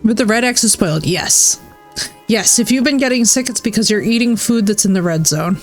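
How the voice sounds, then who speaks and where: A woman streams a game and banters with her viewers in a casual, joking way, swearing now and then. Her pitch sits mid-range, and faint music runs underneath. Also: a little fast. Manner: playful, swearing, laughing, chatting with viewers. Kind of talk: casual live-stream chat over gameplay.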